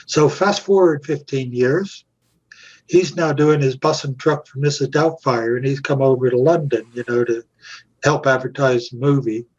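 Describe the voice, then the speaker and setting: An older man, an actor and puppeteer, telling anecdotes as an interview guest, animated and chuckling as he acts out quotes. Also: mid-range voice, normal speed, muffled recording.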